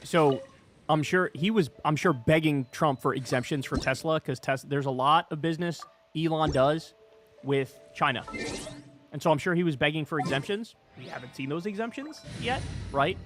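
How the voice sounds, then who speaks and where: A man with a rather high voice rants sarcastically about politics, swearing freely and sounding thoroughly indignant. Soft music plays faintly behind him. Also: normal speed. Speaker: political commentator. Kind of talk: ranting political commentary.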